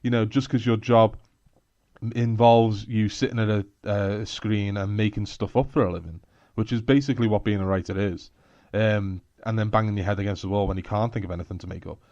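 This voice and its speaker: A blunt, fairly low-voiced man with a Scouse accent, chatting as a podcast co-host and often breaking into laughter. His voice sits dry and close, with a slightly dull, muffled tone. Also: steady tone, a little fast, a little mellow, no room sound. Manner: blunt, laughing, sweary asides. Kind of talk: casual chat.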